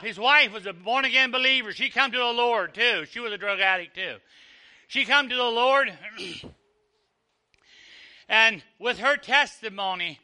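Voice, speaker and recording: Bright-voiced preacher with a twang. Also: male voice. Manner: storytelling with acted-out dialogue, dropping low and soft for emphasis. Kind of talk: sermon.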